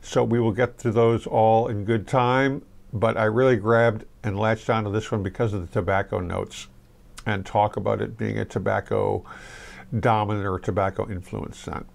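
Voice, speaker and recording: A middle-aged man giving a casual, rambling fragrance review to camera, relaxed and full of restarts. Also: fairly low pitch, normal speed, gravelly.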